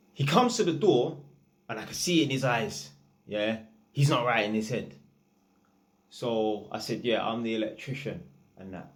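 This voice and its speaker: A man, an electrician, telling a work story in a chatty, rambling, slang-heavy way. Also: medium pitch. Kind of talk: casual storytime monologue.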